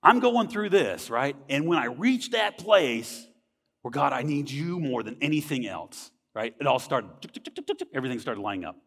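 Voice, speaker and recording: An earnest man shares his testimony in conversational, everyday language, his voice rising and falling with lively swings in pitch. His voice carries a long reverb from a large hall, and his pitch sits in a middle range for a man. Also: normal speed. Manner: earnest, conversational, frequent tag questions. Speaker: speaker sharing a testimony. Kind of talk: personal faith testimony.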